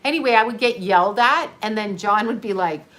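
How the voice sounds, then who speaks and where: A woman's voice: medium pitch, brisk, a bit bright. A middle-aged woman in a candid livestream monologue, blunt and profane, laughing often while grieving. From United States. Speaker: livestream host.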